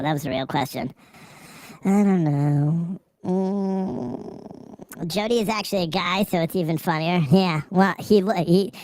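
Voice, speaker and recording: A woman's voice: medium pitch, no echo. A woman live-streaming outdoors on a city street, reading chat aloud in a brash, profane way and laughing often.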